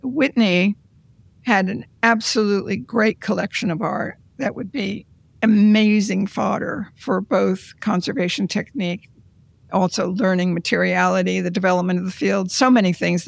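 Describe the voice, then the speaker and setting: An art conservator recounting their career in an interview, in a measured, reflective storytelling manner. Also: mid-range voice, steady tone, vocal fry, no echo.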